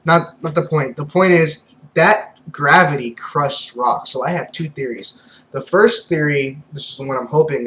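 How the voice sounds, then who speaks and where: A young man giving casual, excitable manga commentary, swearing freely and laughing often. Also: medium pitch, a little hiss or hum, rough recording. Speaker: manga reviewer.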